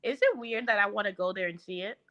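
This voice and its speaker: A woman's voice: mid-range voice, fast, bright, forceful tone, no echo, highs cut off. A woman panelist in casual commentary with a blunt, teasing way of talking.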